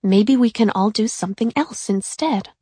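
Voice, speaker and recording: Woman reading a nice eager little girl, quick and reassuring. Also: medium pitch, mellow, slightly rough, no echo, clean studio sound, lightly acted. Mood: friendly. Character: kind, eager young schoolgirl. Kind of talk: audiobook character voice.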